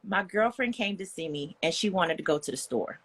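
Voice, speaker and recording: A woman's voice: lowish voice, animated, fairly quick, fairly bright tone, husky. A young woman, speaking as a guest in a candid, personal storytelling style, earnest and frank, with plenty of "like" and "you know".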